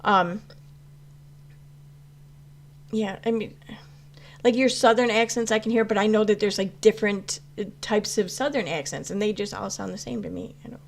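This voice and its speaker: A woman's voice: medium pitch, moderate pace, creaky, pauses often, slight background noise. Chatty woman rambling on a livestream. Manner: rambling, many fillers and restarts. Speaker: YouTube commentary host answering live chat. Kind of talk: casual live-stream chat.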